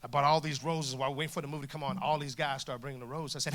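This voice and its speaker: A man in his forties preaching a humorous sermon in a church, lively and jokey, acting out the dialogue in his stories. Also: medium pitch, racing. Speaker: guest preacher. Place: church stage before a congregation.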